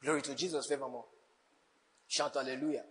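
A man's voice: mid-range voice, fairly even intonation, fast, fairly bright tone, in a large hall, a little hiss or hum, poor audio. A man preaching a sermon as a pastor, teasing his congregation and laughing often. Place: church hall.

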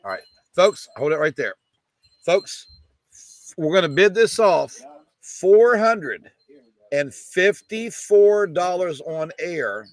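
Male auctioneer, rapid bid chant, slightly raised pitch, coughing between calls, dry close sound. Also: sing-song, no echo. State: coughing, choked up. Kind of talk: live online auction selling.

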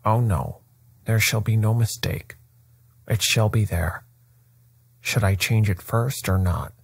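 A man's voice: lowish voice, slow, heavily acted. A man doing a fierce old bullying trainer. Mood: cowed. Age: older. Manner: blustering and gruff. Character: fierce elderly male horse trainer, bullying. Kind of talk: bedtime story reading.

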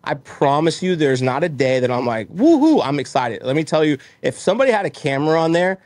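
A man's voice: a little high, fast talker, dry recording. A man from Texas telling his story as an interview guest, earnest and motivational, acting out his own thoughts. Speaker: guest, roofing business owner.

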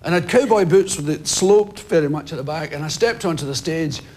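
A comedian in his fifties tells lively stories during a TV interview, his fairly high voice moving a little fast and breaking into loud, shouted impressions of people on the street. The studio has an audience and some noise, with laughter in the background.

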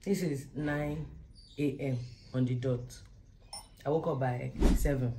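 A woman's voice: very deep voice, fairly even intonation, measured pace, very noisy. A young Nigerian woman with a Nigerian accent, chatting casually to camera at home in a vlog, joking about being broke. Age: young adult. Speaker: vlogger. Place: at home, indoors.

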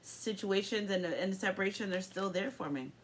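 Woman voicing a remorseful lover, hushed. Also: medium pitch, normal speed, close to an everyday voice. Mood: regretful. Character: remorseful lover regretting past mistakes.

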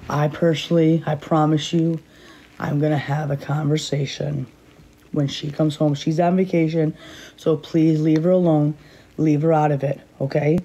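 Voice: mid-range voice, mellow, breathy edge, highs cut off. A streamer in an unscripted live stream on a phone, tense and angry but holding it in, talking in repetitive pleading phrases and often asking "okay?".

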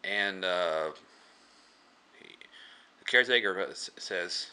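A man casually retelling a movie's plot for a review, rambling with many fillers and restarts and often clearing his throat. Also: deep voice, measured pace, pushed and bright.

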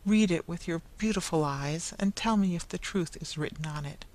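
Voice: mid-range voice, normal speed, a little mellow, close to an everyday voice. Blind young woman, grieving and tender, earnest pleading delivery, read by the narrator.

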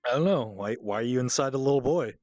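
A VR chat player in casual group banter, loud and mock-outraged, laughing and swearing between lines. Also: mid-range voice, expressive, fast talker, no room sound, dull audio, faint music behind.

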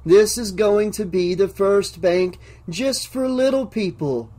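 A man voicing an entranced bank manager who talks slowly in a dreamy, sing-song way, reading an audiobook. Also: high voice, warm tone, voice pushed up. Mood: dreamy, grandiose. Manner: slow, sing-songy, dreamy.

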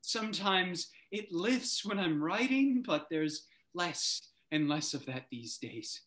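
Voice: mid-range voice, expressive, slow pace, fairly bright tone. A young actor playing a lovesick young male writer in a stage drama over a video call, impassioned and pleading. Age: young adult. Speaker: student actor. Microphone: video call microphone.

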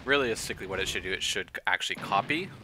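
A man streaming a game and chatting casually with his viewers, thinking aloud and clearing his throat often. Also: lowish voice, animated, racing, noisy background.

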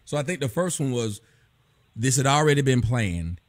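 A man's voice: medium pitch, animated, moderate pace, no echo. A middle-aged man hosting a casual live stream, ranting bluntly and profanely about movies. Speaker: host.

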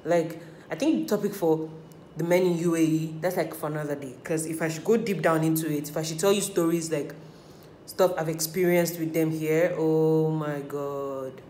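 A woman with a deep, mellow voice, fairly even intonation and a moderate pace chats casually while doing her makeup as a beauty vlogger. Her stories are candid, full of swearing and acted-out quotes, recorded in an echoey room with faint hiss.

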